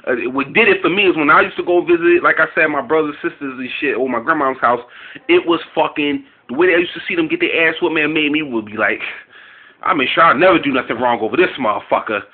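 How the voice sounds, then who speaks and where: Guy ranting on his vlog, cussing a lot, rambling, kinda high voice, sounds like a cheap phone mic. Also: fast talker, slightly rough. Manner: profane, rambling, animated street talk. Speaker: video commentator. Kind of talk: casual reaction rant. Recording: tinny phone-like audio.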